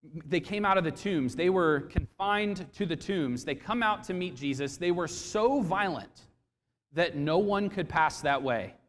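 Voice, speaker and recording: A man's voice: a little high, a little slow. Man preaching in a reverberant hall. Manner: expressive preaching, acts out quoted voices, asks the congregation questions. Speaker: pastor. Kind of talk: sermon. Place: church sanctuary.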